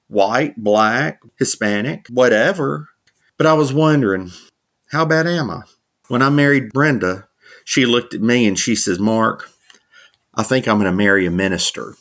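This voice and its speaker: A man's voice: mid-range voice, normal speed, a bit bright. A middle-aged man, a minister, telling his life story in an interview, laughing often and acting out the voices of people he quotes. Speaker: guest, minister and author.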